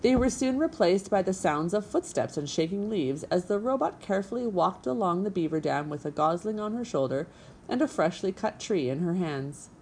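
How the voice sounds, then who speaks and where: A woman reading a children's storybook aloud as the narrator in a steady, clear voice. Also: on the low side, moderate pace, slight background noise. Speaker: audiobook narrator.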